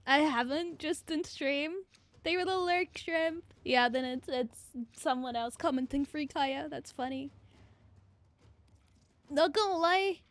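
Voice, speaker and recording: A young woman streamer chats casually from a home setup. She talks in a high, bright register, unhurried between her excitable bursts. Her talk is loose, profane and full of laughter. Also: dry recording. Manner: excitable, swearing, laughing often.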